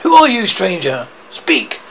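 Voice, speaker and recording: A man's voice: sits high, very animated, normal speed, creaky, a little hiss or hum, voice pushed up, heavily acted, poor audio. A man voicing a proud, blustering pirate captain who is losing his nerve, with theatrical outbursts in an audiobook reading.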